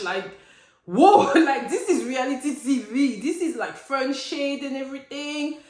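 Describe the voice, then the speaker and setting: A woman casually recapping a reality TV episode, animated and slangy, laughing often. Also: high-pitched, measured pace, echoey room. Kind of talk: casual chat.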